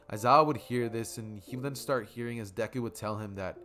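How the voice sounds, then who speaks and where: A man narrates a fan story in a casual, rambling style, full of fillers. His voice sits a bit low. Guitar music runs clearly beneath him. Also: brisk.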